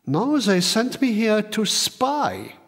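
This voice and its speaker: Guy voicing a young spy, calm and beaten, slow and a bit husky, long reverb. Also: high voice, voice pushed up, full character voice. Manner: calm and subdued. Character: young male spy, quiet and resigned.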